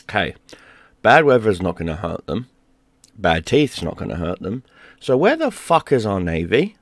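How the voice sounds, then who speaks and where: A man ranting in a heated, profane monologue, dropping to a mutter and then bursting out loud. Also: big pitch swings, normal speed, no room sound. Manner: heated and profane, swings between low mutter and loud outbursts. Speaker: gaming YouTuber.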